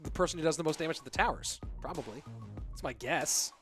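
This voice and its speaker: Guy casting a game match, high voice, slipping between fake scottish and irish accents, faint music behind. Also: quick pace, a bit bright. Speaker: esports caster. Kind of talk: live game commentary.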